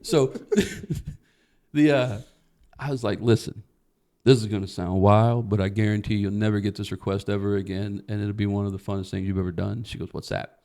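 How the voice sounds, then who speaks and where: A man's voice: fairly low pitch, normal speed. A man, a guest comedian, telling a long story on a comedy podcast, swearing freely and acting out the other people in it. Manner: profane, animated storyteller who acts out quotes.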